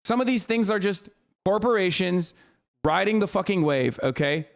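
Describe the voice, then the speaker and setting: Give me a live streamer, a man with a high voice, reacting to a clip. He rants in exasperation and swears constantly. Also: expressive, normal speed, gravelly. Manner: profane, exasperated ranting.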